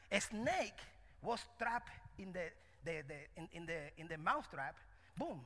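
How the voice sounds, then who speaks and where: A male preacher delivers a sermon with a high, bright voice, firing questions at his congregation. His words bounce around a reverberant church hall. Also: normal speed. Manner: animated, call-and-response questions. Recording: echoey hall.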